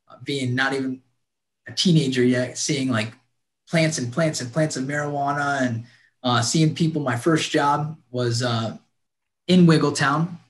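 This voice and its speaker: An earnest man recounts his life story with heartfelt sincerity, stumbling and restarting as he goes. His voice sits at an ordinary middle pitch and rings out in a roomy, echoing space. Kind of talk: personal storytelling. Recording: roomy echo.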